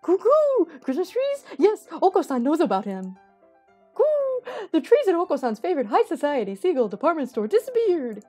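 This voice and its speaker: A wildly excitable little pigeon boy who squawks and shouts in bouncy bursts, as a woman puts him on. His voice shoots up high and loud, full of giddy energy. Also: moderate pace, soft background music, heavily acted.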